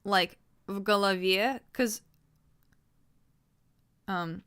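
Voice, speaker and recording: A woman's voice: medium pitch, extremely slow, fairly bright tone, smooth. A young adult woman chatting casually on a livestream, rambling and swearing freely.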